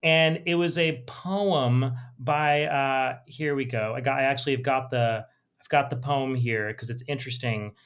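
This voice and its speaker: A man co-hosting a casual podcast chat, talking in an animated way and reading passages aloud from a book. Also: medium pitch, unhurried, clear, resonant tone. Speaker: podcast co-host.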